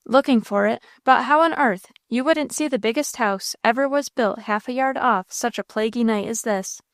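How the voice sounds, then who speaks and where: A woman voicing a blunt, rough, deep-voiced rustic farmer who talks in homespun country dialect, in an audiobook reading. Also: normal speed, no echo, studio quality, natural voice. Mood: gruff, neighborly.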